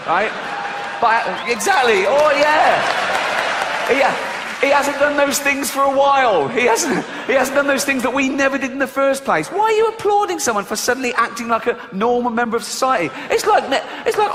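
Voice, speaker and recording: A man's voice: very high voice, very animated, moderate pace. A man doing a stand-up routine on stage before a live audience, with dry, sardonic storytelling. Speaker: stand-up comedian. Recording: reverberant venue with crowd noise.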